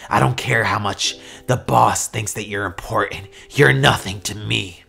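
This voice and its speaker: A man voicing a cold, hostile young male villain leader in a fan-made story, speaking low, quiet and threatening. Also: unhurried, gravelly, faint music behind, exaggerated voice.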